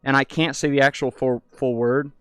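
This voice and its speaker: A man's voice: medium pitch, steady tone, moderate pace, fairly bright tone, clean tone, dry recording. A young man in casual chat in a VR hangout, rambling and swearing freely, stumbling over restarts as he talks into a headset mic. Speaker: VR streamer. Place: virtual reality hangout.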